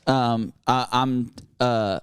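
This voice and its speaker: A man's voice: medium pitch, fairly even intonation, extremely slow, smooth, no room sound, clean studio sound. A man co-hosting a comedy podcast, throwing in goofy, absurd asides and jokes. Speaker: podcast co-host. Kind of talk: casual comedy chat.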